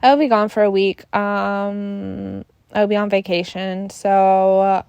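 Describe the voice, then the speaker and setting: A woman's voice: mid-range voice, little pitch movement, a little slow, gravelly, a little mellow, clean tone, no room sound, lo-fi sound. A tired young woman hosting a casual solo podcast into her phone, sighing and yawning as she rambles through fillers. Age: young adult. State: sleepy, yawning. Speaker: podcast host. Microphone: phone held close.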